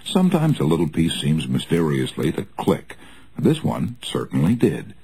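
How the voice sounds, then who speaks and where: A man reading a nonfiction audiobook aloud in an earnest, measured way with expressive rises. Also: a bass voice, creaky, slightly rough, no echo, poor audio. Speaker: audiobook narrator.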